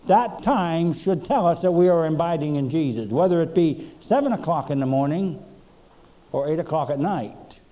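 Male preacher, dark mellow voice, lively pitch, slow and emphatic with dramatic pauses. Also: low-quality recording. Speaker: pastor. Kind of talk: sermon.

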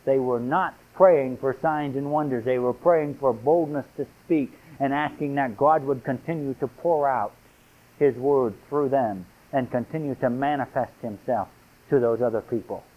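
A man's voice: medium pitch, normal speed. A man preaching a sermon, reading scripture aloud with rising, emphatic delivery. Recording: tinny phone-like sound.

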